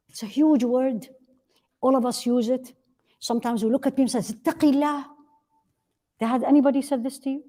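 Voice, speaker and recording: Warm-voiced woman teaching a religious class. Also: on the high side. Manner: earnest, asks rhetorical questions and answers them; repeats key phrases for emphasis. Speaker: Islamic teacher. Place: classroom with a live audience.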